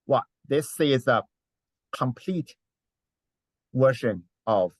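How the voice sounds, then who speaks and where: A man's voice: mid-range voice, lively intonation, takes it slowly, dry recording. A male teacher giving encouraging feedback to a student in slightly broken English. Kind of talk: classroom feedback.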